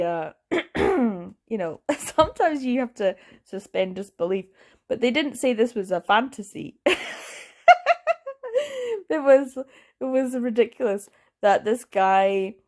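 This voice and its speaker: A woman talks through books she disliked in a relaxed vlog. She is blunt and animated, often breaking into laughter and leaning on filler words, in an ordinary mid-range voice. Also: mid-range voice. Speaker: book reviewer. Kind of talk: casual vlog chat.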